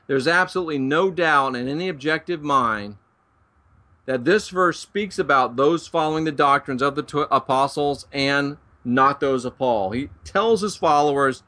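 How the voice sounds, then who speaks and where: Male Bible teacher, preachy and emphatic, folksy asides, bright, forceful voice. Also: a little high, unhurried. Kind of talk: preaching-style lecture to viewers.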